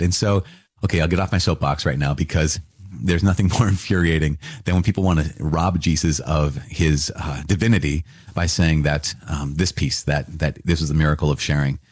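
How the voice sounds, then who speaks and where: A man teaches scripture in an animated way, laughing often and slipping into playful sarcasm. His voice sits low and a little husky. The sound is close and dry. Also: no room sound. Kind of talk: Bible teaching talk.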